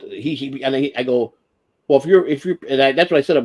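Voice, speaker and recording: A man's voice: medium pitch, fast talker, a little mellow. An older man in casual chat on a live stream, talking in an emotional, profane and self-deprecating way. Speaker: stream host.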